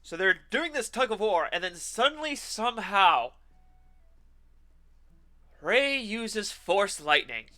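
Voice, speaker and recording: A man streaming while he plays a game, ranting in an animated, sarcastic way and swearing now and then. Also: sits high, takes it slowly, long pauses. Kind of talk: ranting commentary while gaming.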